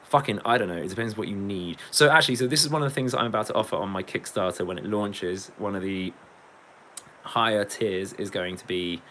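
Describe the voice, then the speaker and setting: An English musician on a livestream talks a little fast in a lowish, pushed, bright voice, on a rough recording with a bit of hiss or hum. His casual chat rambles along with jokes, swearing, and viewer comments read aloud.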